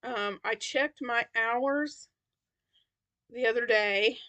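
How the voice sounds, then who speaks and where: A tired woman chats about her crochet projects, wandering from thought to thought with plenty of ums. Her voice sits a little high and sounds bright and clear. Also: takes it slowly, pauses often, lo-fi sound. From Tennessee. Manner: rambling, many fillers and restarts. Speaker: crochet vlogger. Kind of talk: casual chat.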